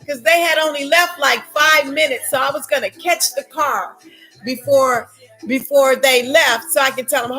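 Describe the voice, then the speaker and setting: Lively high-voiced American woman storyteller. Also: moderate pace, soft background music, rough recording. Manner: dramatic, laughs often, acts out her own shouts. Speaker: vlogger telling a travel story. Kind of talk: animated storytelling to viewers.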